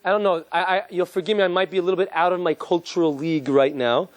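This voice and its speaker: A man, a rabbi, giving an animated, joking lecture and quizzing his live audience. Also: sits high, fast talker, no room sound.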